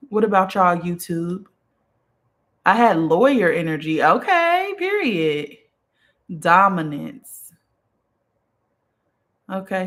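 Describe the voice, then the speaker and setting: Brief: relaxed woman live-stream host, low-pitched, affirming and chatty, reads comments aloud. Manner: affirming, repeats "okay" and "period", relaxed and chatty; yawns and sighs now and then. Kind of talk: casual live-stream chat reading viewer comments.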